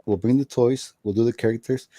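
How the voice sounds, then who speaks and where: A man's voice: medium pitch, steady tone, brisk, warm tone, no room sound. A tired man rambling in a late-night stream chat, full of slang and swearing. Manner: slangy, says bro and dog, swears, rambling.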